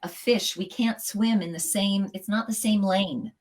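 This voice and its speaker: A woman's voice: mid-range voice, steady tone, unhurried, low-quality recording. A middle-aged woman, a yoga teacher, talking earnestly and from the heart as an interview guest, her thoughts running on. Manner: earnest and heartfelt, speaks in flowing run-on thoughts. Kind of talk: casual interview talk.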